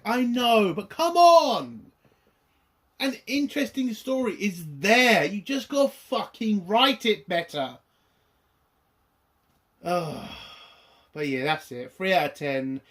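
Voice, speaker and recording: A man's voice: mid-range voice, fairly bright tone. A man reviewing a TV episode in an angry, exasperated rant, swearing often. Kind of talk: ranting video review.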